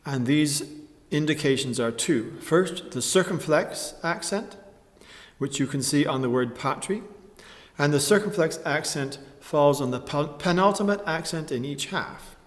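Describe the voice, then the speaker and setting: A man delivers a slow, methodical music lesson in a slightly high voice. He pauses with fillers and clears his throat between points. His words ring out with a long reverb, as in a large hall. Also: lively intonation. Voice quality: measured, precise explanatory delivery. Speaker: music instructor. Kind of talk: lecture tutorial with sung examples.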